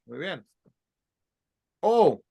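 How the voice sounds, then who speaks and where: Slow, high-voiced man teaching Spanish. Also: sing-song, creaky, dark tone, slightly rough. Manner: slow, carefully sounds out letters and words for repetition. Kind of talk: classroom language lesson.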